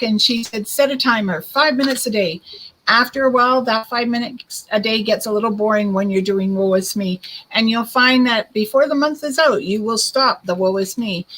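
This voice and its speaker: A woman's voice: on the high side, fairly bright tone, rough recording. A woman giving chatty, reassuring card readings to viewers on a live online stream as host. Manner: chatty, reassuring, calls viewers hun and girl. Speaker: psychic card reader.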